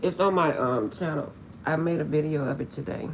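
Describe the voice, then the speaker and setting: Gravelly-voiced woman, laughing storyteller. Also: sits low, brisk, background noise. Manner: laughing, animated storytelling, keeps insisting she is serious. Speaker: vlogger. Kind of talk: casual chat to viewers.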